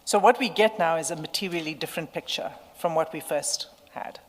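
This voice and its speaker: A woman, legal counsel making formal submissions at a hearing, citing page and paragraph numbers in a measured way. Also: low-pitched. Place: large hearing room. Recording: echoey hearing room with faint hum.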